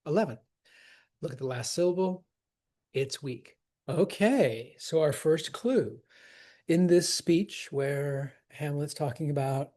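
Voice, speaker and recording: Slow, mellow teacher breaking down verse. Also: medium pitch. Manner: casual, enthusiastic, laughs often. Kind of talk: scansion lesson.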